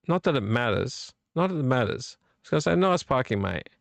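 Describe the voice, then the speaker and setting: A man's voice: mid-range voice, big pitch swings, fast, creaky, dry recording. A man hosting a late-night live vlog, a bit tipsy from beer, rambling and blunt and swearing freely. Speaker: livestream host.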